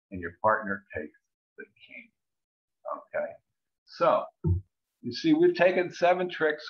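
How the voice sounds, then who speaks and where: Man, card-game teacher, lively up-and-down pitch, chatty, acts out players' thoughts, dull lo-fi recording. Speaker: bridge teacher. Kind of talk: screen-share lesson walkthrough.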